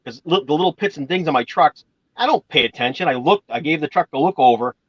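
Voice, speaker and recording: A man's voice: on the high side, expressive, quick pace, no echo, dull audio. A man from Massachusetts chatting casually, rambling through stories and swearing now and then. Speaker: channel host. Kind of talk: casual chat.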